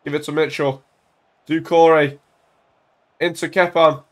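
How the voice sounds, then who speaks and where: A young man casually commentating on his own football video game at home into a desk mic, full of banter and bursting into shouts when his team scores. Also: fairly high pitch, unhurried. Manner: excitable, banter-filled, shouts at goals. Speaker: gaming YouTuber.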